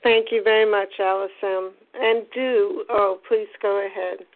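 A woman chairing a phone support meeting, polite and brisk, calling on speakers. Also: medium pitch, steady tone. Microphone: phone call. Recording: phone-line audio.

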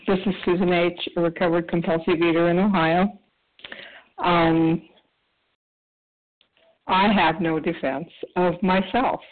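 A woman with a gravelly voice shares at a recovery meeting, talking softly and haltingly with long pauses. Her voice comes through a tinny phone line. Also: on the low side. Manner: soft, halting, with many pauses. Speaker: meeting member sharing. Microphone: phone call.

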